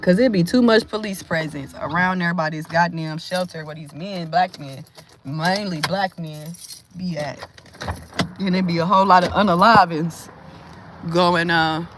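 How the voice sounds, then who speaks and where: A woman's voice: on the low side, moderate pace, background noise. A woman vlogger venting in a casual, profane monologue, laughing often, with speech.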